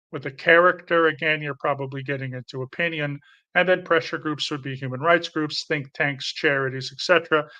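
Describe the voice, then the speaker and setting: A man's voice: fairly high pitch, pushed and bright. A man with a light Canadian accent chatting casually as host, rambling a little and often restarting his sentences while he answers comments. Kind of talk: casual livestream chat.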